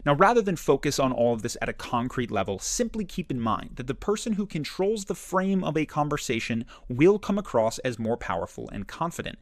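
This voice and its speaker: A man's voice: mid-range voice, brisk, hardly any pauses, no room sound, faint music behind. A man narrating a self-improvement video in a scripted, analytical, explanatory way. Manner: explanatory, analytical, lively inflection.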